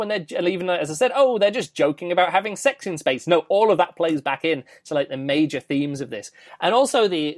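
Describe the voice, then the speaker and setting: A man's voice: fairly high pitch, dry recording, studio quality. A man hosting a podcast, reviewing a book in a casual, rambling way, with many fillers and restarts.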